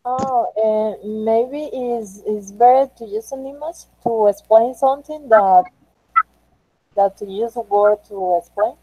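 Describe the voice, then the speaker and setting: Slow, shy woman with a dark voice. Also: on the high side, no echo, poor audio. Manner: shy, reads slowly. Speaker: student.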